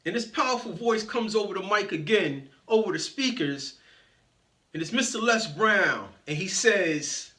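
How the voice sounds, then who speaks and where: A man's voice: high-pitched, animated, measured pace, sharp tone. A man giving a motivational speech as a story, playfully greeting audience members by name. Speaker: motivational speaker.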